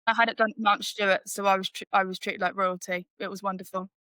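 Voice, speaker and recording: Chatty woman, flat delivery. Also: medium pitch, fast, no echo, clean studio sound. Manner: chatty, lively storytelling with many fillers. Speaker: podcast host. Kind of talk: casual podcast chat.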